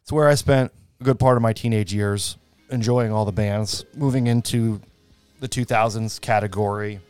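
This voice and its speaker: A man in his thirties co-hosting a podcast, chatting in a rambling way and quick to laugh. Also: fairly low pitch, fairly even intonation, darkish tone, smooth, soft background music. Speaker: podcast co-host. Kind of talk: casual chat.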